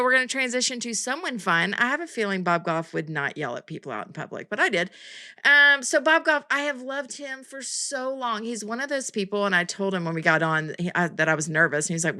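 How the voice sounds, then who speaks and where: Bright, chatty woman podcast host. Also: mid-range voice. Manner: animated, laughing, self-deprecating. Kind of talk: chatty storytelling monologue.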